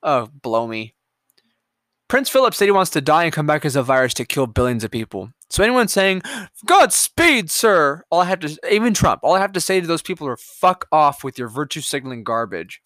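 A podcast host reading headlines aloud in solo commentary, breaking off into profane, sarcastic, mocking asides. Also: male voice, on the high side, big pitch swings, fairly quick, fairly bright tone, dry recording.

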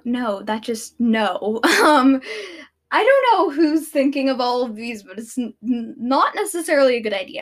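A woman's voice: high-pitched, fairly bright tone. A teenage girl vlogging, chatting casually and rambling with many fillers and restarts. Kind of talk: casual chat.

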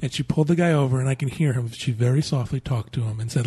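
A man's voice: medium pitch, fast, hardly any pauses, warm tone, husky, dry recording. A man on a podcast recounting a story in casual chat, matter-of-fact. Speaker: podcast co-host.

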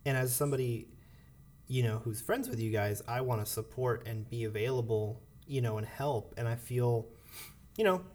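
A man hosting a casual conversation, asking questions gently with many "you know"s. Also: medium pitch, normal speed. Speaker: host. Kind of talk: casual chat.

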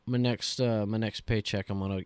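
A man ranting excitedly on a casual gaming podcast, swearing often. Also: fairly low pitch, fairly quick, clear, resonant tone, no echo. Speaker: podcast co-host.

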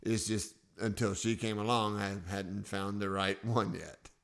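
A man's voice: fairly low pitch, level tone, measured pace, gravelly, a bit bright. A man in his forties hosting his own podcast, telling personal stories in a casual, self-joking way from a studio. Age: 40s. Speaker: podcast host.

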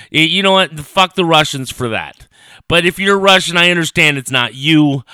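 Male podcast host, young adult, swears a lot, heated rambling, crisp voice, dry close sound. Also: fairly high pitch, pushed and bright, dry recording. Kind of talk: casual solo podcast rant. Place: parents' kitchen, indoors. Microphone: home recorder on a computer.

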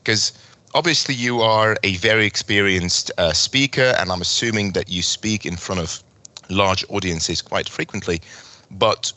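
A man's voice: on the low side, a little slow, pushed and bright, dry recording. A man hosting a podcast interview, earnest, with frequent ums and uhs. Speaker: podcast host. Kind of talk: hosted interview.

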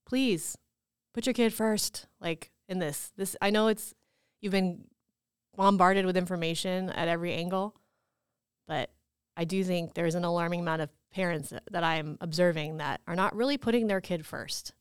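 A woman from California co-hosting a podcast, talking in an earnest, measured way with many fillers. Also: on the low side, clean tone, no echo, clean studio sound. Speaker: podcast co-host. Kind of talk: casual chat.

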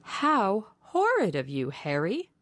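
A woman's voice: medium pitch, animated, unhurried, gravelly, a little mellow, no echo, voice pushed up. A woman reading the part of a witty, flirtatious aristocratic lady with a teasing manner. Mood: alarmed.

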